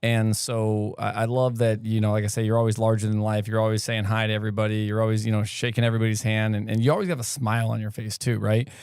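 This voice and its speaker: A man's voice: fairly low pitch, level tone, fast, few pauses, darkish tone, smooth, dry recording, studio quality. A man from California hosting a podcast, talking loosely and often asking "right?". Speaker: podcast host. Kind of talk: casual conversation.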